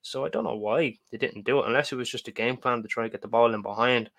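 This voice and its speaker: Bright-voiced chatty football podcast man. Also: medium pitch, quick pace, vocal fry. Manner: chatty, stammering starts, acts out fan reactions. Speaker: podcast co-host. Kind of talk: casual football chat.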